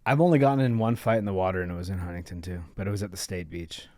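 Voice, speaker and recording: A man's voice: sits low, racing, a little mellow, no echo. A man talking as a podcast guest in casual, easygoing chat.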